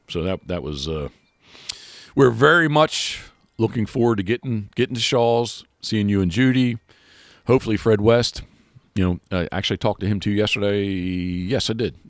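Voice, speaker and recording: Deep-voiced rambling male podcast host. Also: dry recording. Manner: rambling, many restarts and fillers. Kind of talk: casual chat.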